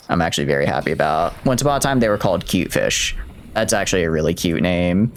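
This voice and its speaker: A man's voice: deep voice, animated, brisk, a little hiss or hum. A man chatting casually while streaming a game, rambling and cutting himself off mid-thought. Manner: chatty, rambling, self-interrupting. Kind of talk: casual gameplay commentary.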